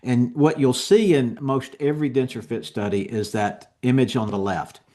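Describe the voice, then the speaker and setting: A man giving a continuing education lecture on dental technique, explaining each step in a relaxed, conversational way. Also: mid-range voice, moderate pace.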